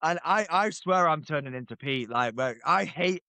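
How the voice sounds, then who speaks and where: Cheeky man with a slightly high voice. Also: lively intonation, normal speed, pushed and bright, no echo. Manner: cheeky, laughing banter. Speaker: podcast co-host. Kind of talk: casual chat.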